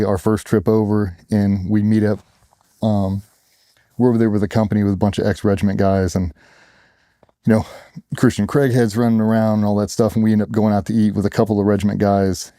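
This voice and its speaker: A man's voice: fairly low pitch, dark tone, no room sound, clean studio sound. A man candidly telling a personal story in an interview, blunt and plainspoken, acting out other people's lines as he goes. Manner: blunt, plainspoken, retells dialogue in quotes.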